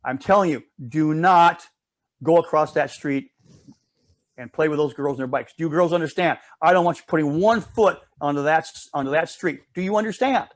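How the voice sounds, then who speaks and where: A man's voice: a little high, moderate pace, lightly acted. A man playing a stern, protective father. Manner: firm, emphatic warnings. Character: strict, protective single father.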